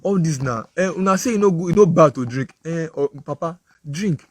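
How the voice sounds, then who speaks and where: A man's voice: fairly high pitch, lively intonation, a little fast, slight background noise. A man with a Nigerian accent, a preacher giving a moral talk full of vivid, repetitive storytelling.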